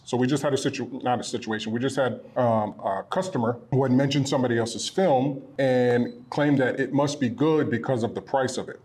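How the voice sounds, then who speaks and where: A man who owns a printing supply business, chatting casually and a bit ramblingly as he pitches products from his small shop. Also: a little mellow. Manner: rambling, self-correcting, earnest. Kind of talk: casual promotional chat. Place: their small shop location.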